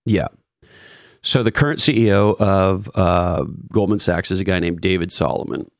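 A man hosting a business discussion, laying out his argument emphatically with deliberate pauses. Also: sits low, no room sound, clean studio sound. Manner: emphatic, thesis-driven explaining with pauses. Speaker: host. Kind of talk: conversational business talk.

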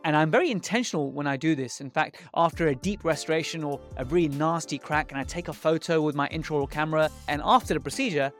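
Male dentist-host, slightly raised pitch, earnest and reflective delivery over faint background music. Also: quick pace, hardly any pauses, a bit bright. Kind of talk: podcast intro and monologue.

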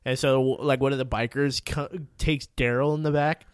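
A man hosting a podcast, telling a story in casual chat, cursing often and acting out quotes with loud yelps. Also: mid-range voice, normal speed, smooth, no echo, clean studio sound. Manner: profane, excitable storytelling recap. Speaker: podcast host.

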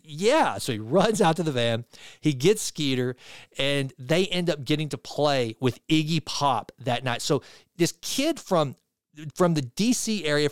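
A male talk show host, telling a story in a casual, animated way and acting out the people in it. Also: on the high side, dry recording, studio quality. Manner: animated, conversational, retells a story with quoted voices.

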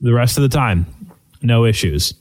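A man co-hosting a talk show, agreeing with the host and telling a story in a relaxed, conversational way. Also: medium pitch, moderate pace.

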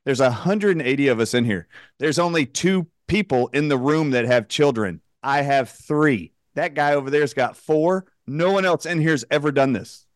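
A male radio host telling an animated anecdote, acting out the voices of the people in it, with a joking, outspoken manner. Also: a little high, normal speed, no echo, clean studio sound. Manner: animated anecdote-teller who acts out quotes. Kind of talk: storytelling on a radio talk show.

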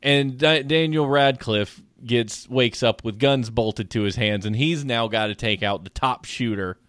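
Podcast co-host, young man, rambling jokey storyteller, mid pitch, dead-dry close mic. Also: measured pace, a bit bright, no room sound. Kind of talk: casual chat.

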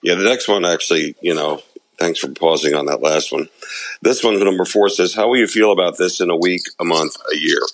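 A man with a very low, gravelly voice talks through a recovery podcast in relaxed, reflective chat. He pokes fun at himself and reads passages aloud from a book. The sound is dry and close, with no room around it. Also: a little fast, dry recording. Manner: reflective, self-deprecating, reads quotes aloud. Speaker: podcast co-host.

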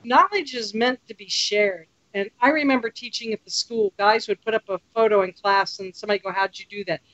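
A woman guest on a podcast, telling lively stories and acting out what people said. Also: medium pitch, fairly quick, lo-fi sound. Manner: lively storyteller, acts out quotes. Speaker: podcast guest, photography tour leader. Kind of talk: casual podcast chat.

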